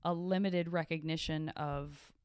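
Casting: woman podcast host, chatty and self-interrupting, smooth clear voice. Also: sits low, fairly even intonation, unhurried, darkish tone, dry recording, studio quality. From Arizona. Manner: rambling, self-interrupting, playful. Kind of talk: casual interview chat.

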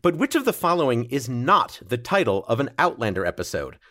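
A man's voice: medium pitch, very animated, brisk, pushed and bright. A man hosting a comedy trivia podcast, reading questions in a playful way and laughing often. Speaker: quiz show host.

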